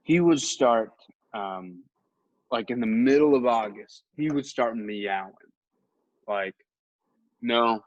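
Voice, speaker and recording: A man's voice: mid-range voice, takes it slowly, pauses often, dry recording. A young man who hosts a podcast, casually telling a rambling, humorous anecdote at his own expense. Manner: rambling, humorous and self-mocking. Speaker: podcast host. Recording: dull lo-fi recording.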